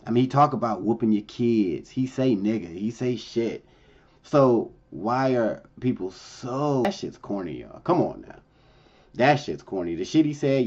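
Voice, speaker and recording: Brief: low male voice, casual profane rant, dull lo-fi sound. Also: animated, unhurried, a little mellow. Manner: loose, profane, slangy.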